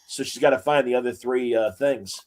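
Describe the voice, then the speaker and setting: A congested man down with the flu, talking at an ordinary middle pitch. He rambles through his stories with plenty of "uh"s in a loose, casual podcast chat. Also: fairly even intonation, darkish tone. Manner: rambling, halting storyteller with many "uh"s. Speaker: podcast co-host.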